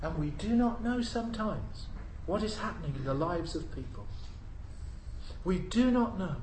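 A man preaching a sermon in a church. He asks the congregation rhetorical questions and swings between loud emphasis and hushed asides. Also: high voice, animated, moderate pace, roomy sound, a little hiss or hum, low-quality recording.

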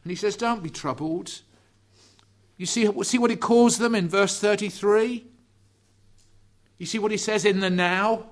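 A man with a high voice preaches a sermon slowly and deliberately, drawing out key words. For emphasis he drops to a hushed, quiet delivery on important words.

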